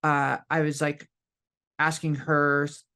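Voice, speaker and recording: Casual podcast co-host, male, somewhat high-pitched, rambling. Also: completely flat delivery, slow, bright, forceful tone, smooth. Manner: rambling, frequent "like" and "you know". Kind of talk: casual chat.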